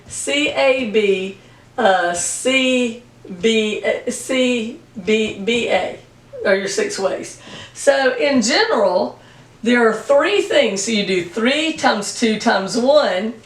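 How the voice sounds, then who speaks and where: A woman's voice: fairly high pitch, far from the mic. Chatty woman teacher in an echoey room. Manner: chatty, plain-spoken, jokey asides. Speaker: math teacher. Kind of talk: recorded video lesson.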